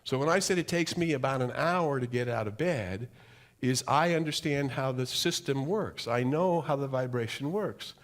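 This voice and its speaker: A man giving a sermon as a guest speaker, with dramatic, drawn-out emphasis and questions put to the audience. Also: medium pitch. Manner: dramatic, drawn-out emphasis with wide swings in loudness; preacherly, asks the audience questions. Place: church hall.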